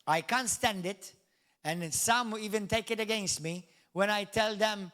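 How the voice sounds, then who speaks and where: Male pastor, middle-aged, high-pitched and emphatic, preaching with humor. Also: unhurried. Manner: emphatic preaching with wide swings in loudness and pitch; jokey asides and mock quotes of doubters. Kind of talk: sermon.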